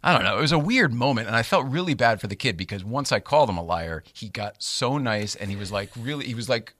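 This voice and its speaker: A man hosting a casual chat, telling a story in an animated way and laughing often. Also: medium pitch, fast, hardly any pauses, no echo, clean studio sound. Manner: animated, laughs often, acts out voices in quotes.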